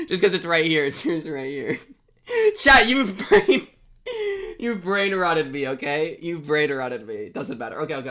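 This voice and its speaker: A man's voice: fairly high pitch, pushed and bright. A young man on a live stream, chatting casually with viewers, laughing at himself and reacting to what they send in. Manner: giggly, self-mocking, talks straight to chat.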